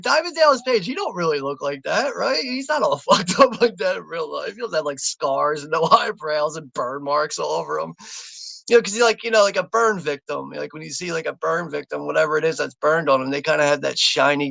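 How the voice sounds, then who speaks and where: A man's voice: fairly high pitch, lively intonation, brisk, creaky, bright, forceful tone, no echo. An American man hosting a live movie watch party, rambling, swearing a lot and laughing as he reads out chat comments. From United States.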